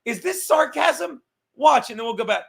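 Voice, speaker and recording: A man's voice: very high-pitched, animated, normal speed, creaky. A male show host in a crude, profane sports rant, mocking and reacting to a press conference clip.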